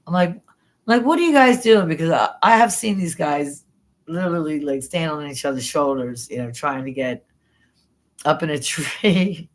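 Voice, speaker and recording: Rambling, excitable middle-aged woman. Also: low voice, normal speed. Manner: excitable, swears freely, jumps between thoughts. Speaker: paranormal livestream host. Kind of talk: rambling spontaneous storytelling.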